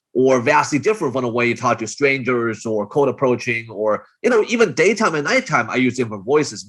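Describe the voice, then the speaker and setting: Male coach, husky voice, explanatory, demonstrates tones as he goes. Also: mid-range voice, fairly bright tone. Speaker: dating coach. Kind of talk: casual podcast chat.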